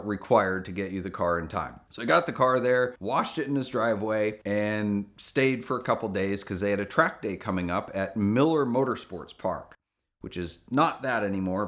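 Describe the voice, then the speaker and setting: Middle-aged male storyteller, low-pitched, relaxed and animated delivery. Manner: animated, jumps up in pitch for quoted voices. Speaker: car dealer telling a story. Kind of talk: casual storytelling.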